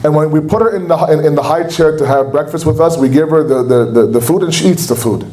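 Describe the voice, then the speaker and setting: A young man preaches an impassioned sermon in the lecture hall of a religious center, acting out quotes in a raised voice. He speaks fast in a fairly high pitch with a dark tone.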